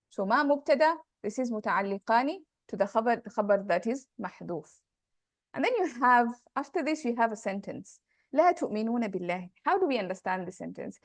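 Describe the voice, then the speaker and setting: A woman's voice: fairly high pitch, no room sound. A woman teaching Arabic grammar in an online class, thinking aloud, correcting herself and checking in with her students.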